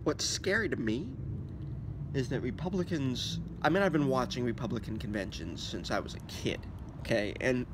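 An agitated man rants outdoors, his voice going hoarse as he swings from loud, sarcastic outbursts down to mocking whispers. His pitch jumps all over the place. Faint noise from outside sits under the voice. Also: very animated, a little fast. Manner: agitated, sarcastic, rising to near-shouts and dropping to mock whispers. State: losing his voice. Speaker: political commentator. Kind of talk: ranting monologue to camera.

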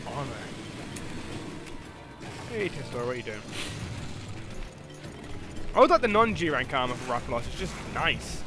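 A young man giving live gameplay commentary, swinging from loud swearing outbursts to low muttering as he plays. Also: big pitch swings, normal speed, pauses often, music in the background. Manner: swears and yelps at the game. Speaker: gaming commentator.

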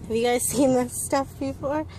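A woman's voice: high voice, steady tone, moderate pace, crowd noise. A woman chatting playfully and teasing her partner while vlogging from a car. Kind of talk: casual vlog chat. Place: car and store. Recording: noisy car and street recording.

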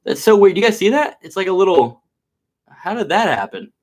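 A man's voice: high voice, sing-song, moderate pace, darkish tone. A man streaming live, chatting casually with his viewers. He is laid-back and slangy, calls everyone bro and dude, and turns nervous and coaxing while he handles a big snake.

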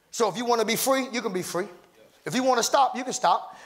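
A man preaching a sermon as pastor, rising into shouted, half-sung cadences and calling out to people in the congregation. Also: sits high, a little fast. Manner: calls out to congregation members by name.

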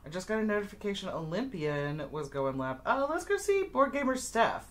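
This woman, a co-host on a live board game stream, has a medium-pitched, very animated voice and a brisk delivery. She keeps the chat casual and rambling, leaning heavily on "like" and other fillers and laughing a lot.

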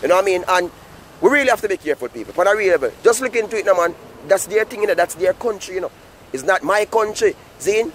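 A Jamaican man with a high, quick voice talks straight to his viewers in a loose, rambling patois monologue. Faint traffic noise hums behind him outdoors. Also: animated. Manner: rambling, fast patois talk with repeated "you know what I mean". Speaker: vlogger. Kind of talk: casual vlog monologue.

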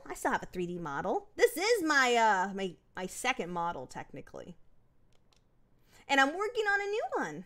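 A woman's voice: fairly high pitch, huge pitch swings, moderate pace, a bit bright. A young woman streaming a video game, chatting playfully with a giggly, theatrical manner. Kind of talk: casual let's-play commentary.

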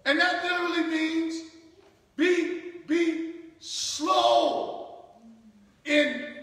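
A man's voice: very high-pitched, sharp tone. A man preaching a sermon as a bishop, repeating phrases and calling out "Amen?" to the congregation. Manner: repetitive, calls out "Amen?" and "Huh?" to the room. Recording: echoey hall, far from mic.

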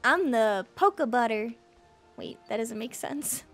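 Woman, high voice, unhurried delivery, excitable let's-play commentary, gushing and squealing, faint game music behind. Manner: silly joking asides. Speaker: gaming streamer.

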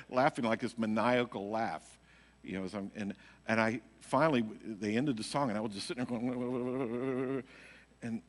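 Captured on a live church stream full of long hall reverb, a man leading worship shares a meandering personal testimony with the congregation. He has a mid-range voice at normal speed and fills his story with phrases like "you know."

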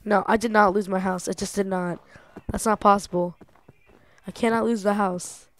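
A young woman giving casual gameplay commentary, excitable and talking to herself, swearing and laughing often. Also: mid-range voice, normal speed, no room sound. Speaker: gamer.

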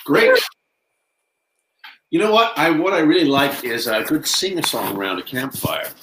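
A man's voice: on the high side, sing-song, a little fast, roomy sound, background noise. A man hosting a children's sing-along, singing playful wake-up songs with actions. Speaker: children's singer host. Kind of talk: singing along with guitar for kids. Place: home.

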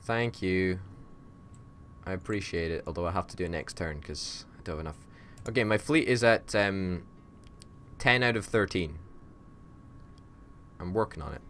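Wry low-voiced man grumbling over gameplay. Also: moderate pace, long pauses, fairly bright tone, a little hiss or hum. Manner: wry, grumbling, laughs often. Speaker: gaming channel host. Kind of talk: casual gameplay chat.

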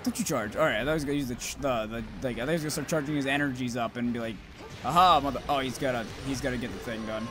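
A young man commentating his own gameplay, rambling to himself and cursing loudly at the monsters. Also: medium pitch, rapid-fire, over music. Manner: profane, rambling, yells at monsters.

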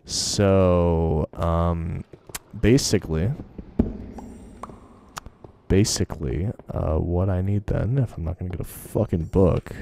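Gravelly low-voiced man swearing through gameplay. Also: slow, pauses often, dark tone, a little hiss or hum. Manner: profane, rambling, self-mocking. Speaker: gaming video host. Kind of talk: casual game commentary.

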